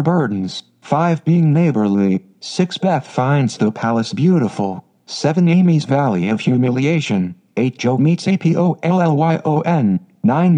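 A man's voice: medium pitch, warm tone. A synthetic male voice narrating an audiobook, sometimes spelling words out letter by letter. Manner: spells out words letter by letter, reads symbols aloud.

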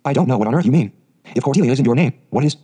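A man's voice: medium pitch, animated, very fast, slightly rough. A man voicing a stern, unsympathetic middle-aged farm woman who speaks curtly and sharply. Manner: curt, sharp, matter-of-fact.

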